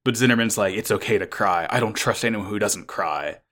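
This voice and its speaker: Casual podcast co-host, man, bright tone, rambling and profane. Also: fairly low pitch, fairly quick. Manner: rambling, frequent swearing and restarts. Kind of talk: casual chat recapping an anime episode.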